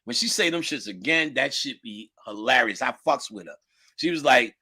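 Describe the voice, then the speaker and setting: A man lecturing on spirituality who drifts into animated, profane storytelling and acts out the people he quotes. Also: medium pitch, moderate pace, gravelly, husky. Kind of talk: casual storytelling talk.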